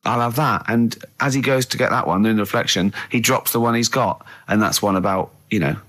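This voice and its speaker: A man's voice: on the low side, brisk, a bit bright. A man hosting a radio show, explaining things casually with lots of ums and uhs. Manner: hesitant, explaining with many fillers. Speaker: radio host. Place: radio studio.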